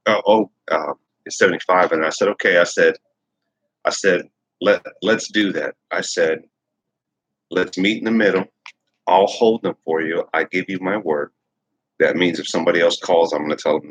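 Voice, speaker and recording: A man's voice: sits low, moderate pace, a bit bright, breathy edge, no echo, rough recording. A man hosting a casual livestream, rambling and repeating himself as he reads viewer comments aloud. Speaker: livestream host.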